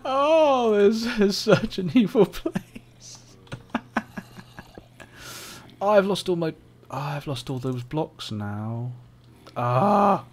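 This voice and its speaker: Slow-talking playful man playing a game. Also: sits high, lively intonation, a little hiss or hum. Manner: playful, chats to monsters, giggles and yelps. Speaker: gameplay commentator. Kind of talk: casual let's-play commentary.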